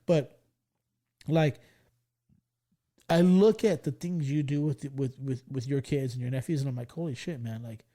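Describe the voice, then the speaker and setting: A man in his forties hosting a podcast, telling stories in casual chat, swearing freely and loudly acting out what others said. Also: mid-range voice, measured pace, pauses often. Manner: animated storyteller, swears freely, acts out quoted lines loudly. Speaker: podcast host.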